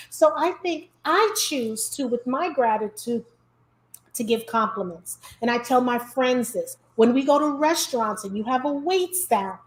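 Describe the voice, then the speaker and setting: High-voiced New York woman, emphatic. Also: roomy sound. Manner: emphatic, animated storyteller. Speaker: host. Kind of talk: casual conversational interview.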